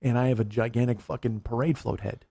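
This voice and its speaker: A man from Chicago hosting a comedy podcast, telling stories in an animated way, acting out voices, swearing freely and laughing often. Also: mid-range voice, quick pace, gravelly, husky. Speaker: podcast host. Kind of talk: casual comedic chat.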